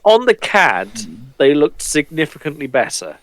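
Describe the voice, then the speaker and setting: Wry joking man with lively pitch. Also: normal speed. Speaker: podcast guest. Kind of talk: casual chat.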